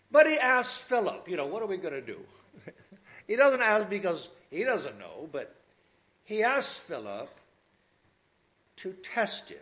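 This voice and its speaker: A man preaching a sermon, talking to his listeners in a slow, lively way with asides. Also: fairly high pitch, dull audio.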